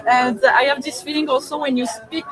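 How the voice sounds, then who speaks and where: A woman's voice: sits high, fairly even intonation, normal speed, crowd noise, low-quality recording. A French woman hosting a casual webinar chat in English with a French accent, chatty and hunting for words as she asks her guest questions. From France. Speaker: host. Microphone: video call.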